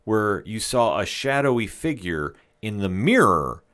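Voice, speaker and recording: A man with a fairly low voice walks through a TV episode scene by scene. He talks in a casual, measured, explanatory way. He sounds like a regular podcast co-host. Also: very animated, fairly bright tone. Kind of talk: casual TV recap discussion.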